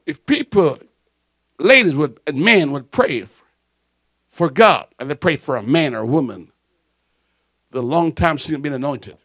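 A male preacher in a church delivering a fiery sermon on microphone, shouting emphatic lines and telling stories with playful asides. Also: on the high side, animated, unhurried, long pauses, no room sound.

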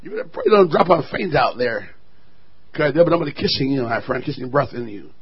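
A man preaching a sermon, calling out to the church and rising into fervent shouts. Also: medium pitch, wildly swooping pitch, fast, husky, muffled recording. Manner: call-and-response, rising to shouting.

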